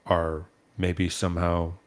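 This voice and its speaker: Very low-voiced dude ranting his opinions, emphatic. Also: completely flat delivery, takes it slowly. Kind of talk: casual chat.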